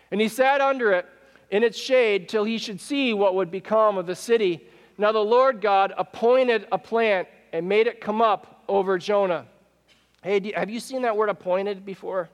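Man, pastor, high voice, animated sermon, asks the congregation questions, long hall reverb. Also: moderate pace. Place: church sanctuary.

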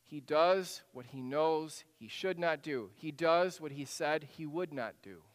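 A man preaching a sermon, telling a story with drama, dropping to a hush and then rising to act out voices. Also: on the high side, a little slow, in a large hall. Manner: dramatic storytelling, drops to a hushed voice then rises to animated acted-out lines. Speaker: pastor.

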